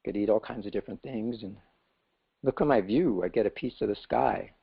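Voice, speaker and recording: Man voicing a gravelly little frog in a well. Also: lowish voice, fairly quick, dull audio. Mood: contented. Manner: boastful, then wide-eyed and amazed. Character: small contented male frog in a well.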